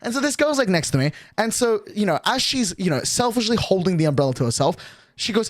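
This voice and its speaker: A male streamer rambles through a story, packing every sentence with fillers and swear words. His pitch jumps around lively. The sound is dry and close. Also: quick pace, no echo.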